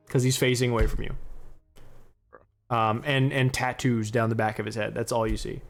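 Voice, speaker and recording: A man's voice: medium pitch, lightly acted. A man voicing a prim, proper male bookie in a put-on British accent during a tabletop game. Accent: fake British accent. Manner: stiff and proper.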